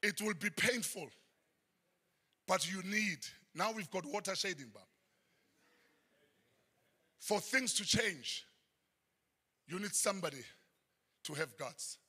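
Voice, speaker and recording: Raspy, shouting South African preacher. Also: male voice, animated, slow, long pauses. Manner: preaching with frequent shouted high bursts. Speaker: pastor. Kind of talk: sermon. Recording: long church hall reverb.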